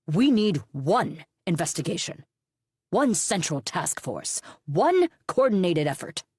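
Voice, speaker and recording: A woman's voice: on the low side, very animated, takes it slowly, darkish tone, husky, no room sound, studio quality, exaggerated voice. A woman voicing a brusque male police captain in an audiobook, curt and commanding. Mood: stern.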